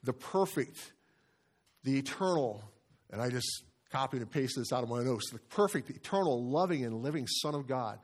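A man's voice: medium pitch, animated, moderate pace. A man preaching a sermon as pastor, earnest and stressing phrases by repeating them.

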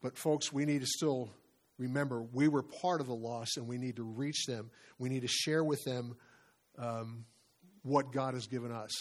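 A man's voice: medium pitch, steady tone, normal speed. Man preaching a conversational sermon. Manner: conversational, with frequent restarts and asides. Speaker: pastor.

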